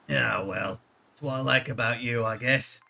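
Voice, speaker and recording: A man's voice: mid-range voice, normal speed, creaky, bright, forceful tone, pitched below the performer's own voice, heavily acted. Man putting on a pompous cowardly leader. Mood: scolding. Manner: theatrical, self-important, dramatic. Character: pompous cowardly male leader, grandiose and vain.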